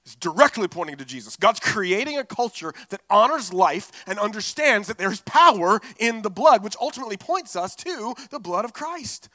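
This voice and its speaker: Preacher, male, high bright voice, lively and conversational, dry close mic. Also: moderate pace, hardly any pauses, dry recording. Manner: expressive preaching, casual asides with "like" and "right?". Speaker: pastor. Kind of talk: sermon.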